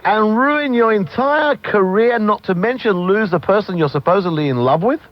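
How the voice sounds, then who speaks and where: A man from Britain hosting a call-in talk radio show, blunt, opinionated and excitable. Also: sits high, normal speed. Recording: muffled 1990s radio broadcast.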